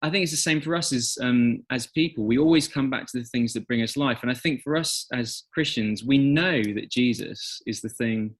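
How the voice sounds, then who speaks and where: A middle-aged man with an English accent, a guest on an interview podcast, telling stories with animated acted-out quotes. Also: mid-range voice, normal speed, few pauses, slightly rough. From England. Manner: animated storyteller, acts out quotes. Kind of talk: conversational interview.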